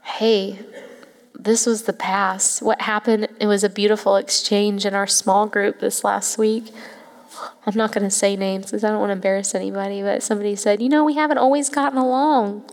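A woman pastor preaches in a warm, chatty way and speaks straight to her congregation. Her voice carries a long reverb from the church hall. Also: medium pitch, flat delivery, normal speed. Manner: heartfelt, conversational, tearful at moments. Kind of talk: sermon. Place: church sanctuary.

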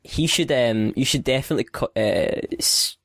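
A man's voice: medium pitch, moderate pace, gravelly, fairly bright tone, no room sound. Easygoing Glaswegian man, dry sound. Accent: Glasgow Scottish. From Scotland. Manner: easygoing, swears casually. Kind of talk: casual chat.

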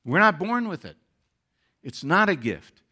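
A man's voice: sits high, very animated, measured pace, pushed and bright. A man who is a pastor, preaching a sermon with earnest rising emphasis.

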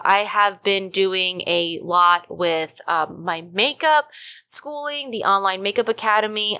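Bright-voiced woman rambling casually. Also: medium pitch. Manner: rambling, many fillers and restarts. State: unwell. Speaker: podcast host. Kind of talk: casual chat.

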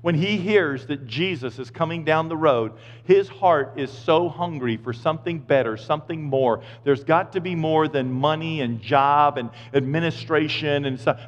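Man, pastor, sermon, loud-to-quiet swings, long hall reverb, slightly dull sound. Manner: lively, swings from loud emphatic to quiet and low.

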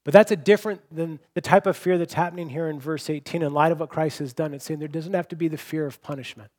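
A man's voice: fairly high pitch, steady tone, quick pace, darkish tone. A young adult man preaching a sermon, earnest and personal, often restarting with repeated words. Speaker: pastor.

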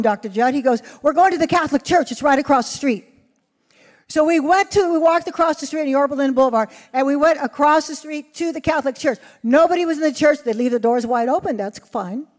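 High-voiced woman preacher telling a story. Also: a little fast. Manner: animated, acts out dialogue. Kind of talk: sermon testimony storytelling. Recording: reverberant hall.

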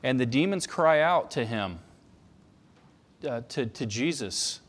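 A man's voice: mid-range voice, animated, slow. A man preaching a sermon, telling stories conversationally and pressing points with emphasis. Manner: conversational storytelling with emphatic passages. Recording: long reverb of a large hall.

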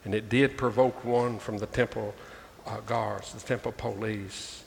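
A man's voice: on the low side, fairly even intonation, measured pace, gravelly. A male pastor preaching a sermon, reading scripture aloud and calling his listeners "folks" with emphatic rises. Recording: long reverb, faint ambient noise.

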